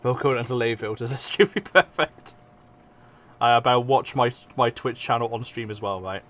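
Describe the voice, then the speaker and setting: A man's voice: mid-range voice, moderate pace, a bit bright. A young man with an English accent streams casually, rambling, swearing often and mocking himself. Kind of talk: casual live-stream chat.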